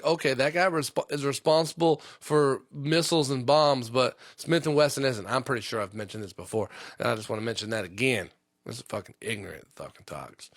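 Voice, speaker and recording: A man's voice: medium pitch, fairly bright tone, no echo, studio quality. A man who works a union trade, hosting a podcast in a loose, rambling monologue full of swearing and fillers. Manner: profane, lots of fillers.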